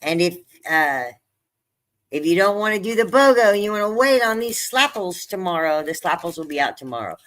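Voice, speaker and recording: This older livestream host has a fairly low voice, animated and brisk, as she chats casually with her viewers. Talkative and quick to be moved, she laughs frequently.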